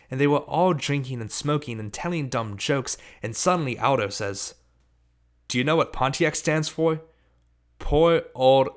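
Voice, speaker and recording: A man reading a novel aloud as an audiobook. His voice sits in a mid range, and he carries the first-person story along at an even, steady pace. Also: mid-range voice. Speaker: audiobook reader. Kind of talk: audiobook narration.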